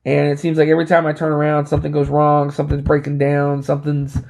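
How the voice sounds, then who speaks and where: Rambling, slightly high-voiced man. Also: completely flat delivery, fast talker, creaky, a little mellow. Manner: rambling, with many fillers and restarts. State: short of breath. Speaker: vlogger. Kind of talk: casual storytelling.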